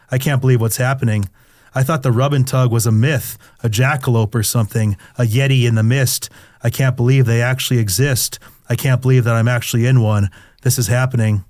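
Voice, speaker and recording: A man's voice: mid-range voice, fairly even intonation, normal speed, darkish tone, no room sound, studio quality. Man reading a crude, candid memoir. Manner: candid, crude, confessional narration. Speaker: author reading his memoir. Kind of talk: first-person memoir reading.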